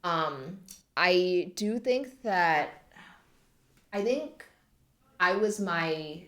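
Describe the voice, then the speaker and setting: Low-voiced young woman, reflective. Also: expressive, extremely slow. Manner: reflective, soft-spoken, many fillers. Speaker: guest. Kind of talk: podcast interview.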